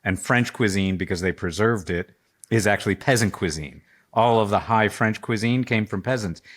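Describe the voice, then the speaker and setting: A man's voice: fairly low pitch, normal speed, a bit bright. A man co-hosting a casual political podcast, opinionated and lecturing, swearing freely. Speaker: podcast co-host.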